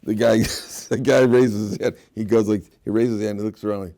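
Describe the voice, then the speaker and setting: A middle-aged rabbi giving a lively storytelling class, his voice sitting a bit low. He laughs through his anecdotes and keeps turning questions back to the room of listeners. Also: moderate pace.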